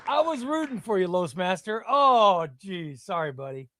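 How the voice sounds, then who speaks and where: Excitable high-voiced man hosting a stream. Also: normal speed, a faint crowd, a little hiss or hum. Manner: excitable, shouts names then drops to muttering. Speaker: live stream host. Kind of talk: casual live-stream giveaway commentary.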